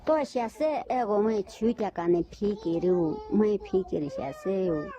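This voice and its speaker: Older woman, oral storyteller, unhurried, dull lo-fi recording, loud crowd behind. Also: medium pitch. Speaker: interviewee recounting her life. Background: crowd chatter.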